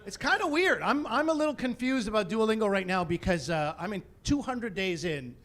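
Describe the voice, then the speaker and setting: High-voiced man doing animated stand-up. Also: brisk, slight background noise. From Canada. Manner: animated storyteller building to mock-indignant rants. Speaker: stand-up comedian. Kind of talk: stand-up comedy routine. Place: comedy stage before a live audience.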